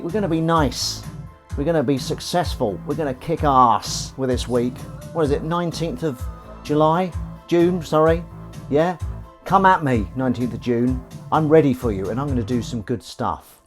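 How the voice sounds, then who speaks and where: A man's voice: mid-range voice, animated, moderate pace, faint music behind. A man chatting in a rambling, playful, self-mocking way on a live stream while washing dishes at his kitchen sink. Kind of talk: casual live-stream chat.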